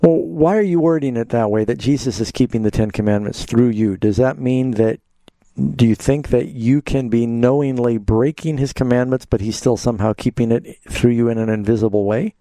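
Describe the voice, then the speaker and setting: A man's voice: medium pitch, moderate pace, warm tone, dry recording. A man hosting a live call-in radio show, answering Bible questions and leading callers with simple questions. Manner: pastoral, asks leading questions.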